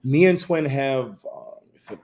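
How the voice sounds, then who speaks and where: A man's voice: mid-range voice, expressive, slow pace, background noise. A young man from Massachusetts, a guest answering interview questions in an easygoing, laid-back way. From Springfield, Massachusetts. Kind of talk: relaxed conversational answers.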